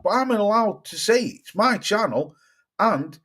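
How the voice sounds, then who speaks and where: Reading out comments on his boxing live stream, this middle-aged British man speaks bluntly and swears. His high voice is expressive and a bit bright with a breathy edge, at a measured pace, in British English typical of the UK.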